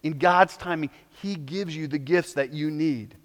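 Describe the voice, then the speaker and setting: Male pastor, high voice, dramatic sermon delivery, hushed to loud; reverberant hall. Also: unhurried. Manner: dramatic swings between hushed and loud, exhorting.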